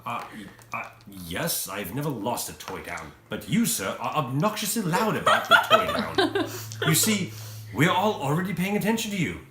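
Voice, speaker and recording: A man's voice: a little high, big pitch swings, moderate pace, over a noisy crowd, pitched above the performer's own voice. A man playing a pompous toy guild referee. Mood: scolding. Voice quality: fussy and officious, scolding. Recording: echoey room, faint noise.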